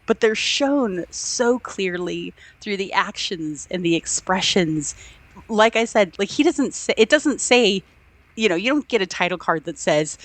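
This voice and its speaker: A woman's voice: medium pitch, fairly bright tone. Chatty, enthusiastic woman podcast co-host. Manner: enthusiastic, retells scenes with acted-out quotes and frequent laughter. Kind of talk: casual film discussion.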